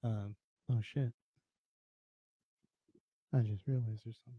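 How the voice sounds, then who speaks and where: A man's voice: mid-range voice, steady tone, slow pace, slightly rough, no room sound, lo-fi sound. A slightly drunk man hosting a podcast, rambling and swearing in casual chat. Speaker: podcast host.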